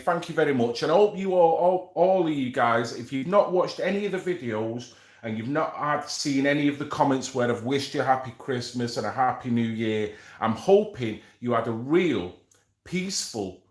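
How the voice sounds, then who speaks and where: A man's voice: medium pitch, normal speed. A man who hosts a live stream, chatting casually and rambling with slang asides as he reads from an article. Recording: echoey room.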